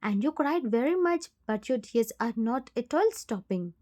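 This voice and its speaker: High-voiced woman narrating a story. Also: expressive, moderate pace, dark tone. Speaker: fan fiction voiceover narrator. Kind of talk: second-person story narration.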